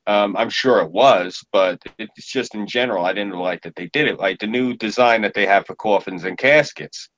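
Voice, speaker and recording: A man's voice: fairly low pitch, moderate pace, fairly bright tone, highs cut off. A man in casual podcast chat, telling stories in a blunt, profane way.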